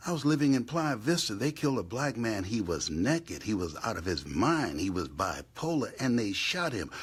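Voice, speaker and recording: A man giving an impassioned live motivational talk from a hotel room, swinging between hushed whispers and loud outbursts. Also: lowish voice, big pitch swings, normal speed, few pauses, husky. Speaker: motivational speaker. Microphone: live stream.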